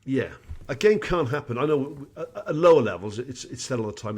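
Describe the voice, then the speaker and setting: Middle-aged guy rattling off a ref story quick, lots of restarts, casual podcast chat. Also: mid-range voice, animated, darkish tone. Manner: rambling anecdotes with many restarts. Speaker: podcast co-host and amateur referee.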